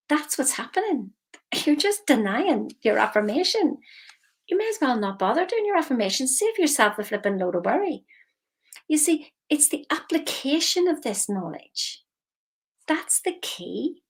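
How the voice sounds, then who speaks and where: A woman mindset coach giving a lively, emphatic motivational talk straight to her viewers. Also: a little high, husky. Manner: lively, emphatic, slips into quoted voices.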